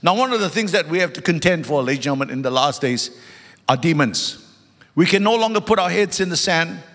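High-voiced preacher in an echoing church. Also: male voice, animated, fairly quick, fairly bright tone. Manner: emphatic, repeats key words, calls to the congregation; joking asides. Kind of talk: sermon. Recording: long hall reverb.

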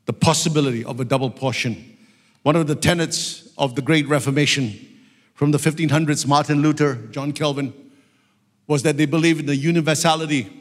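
A man preaching a sermon with fervent passion, at times shouting out prayers. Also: a little high, big-room sound.

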